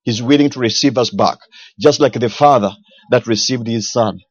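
A man's voice: mid-range voice, normal speed, lo-fi sound. A man preaching a sermon with fervent emphasis and repeated phrases.

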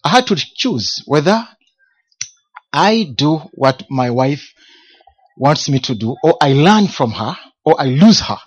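In a dull, lo-fi recording, a man who leads a men's ministry preaches his personal testimony, emphatic, repeating key words and asking rhetorical questions. His slightly rough voice sits on the high side and moves slowly, with big swings in pitch.

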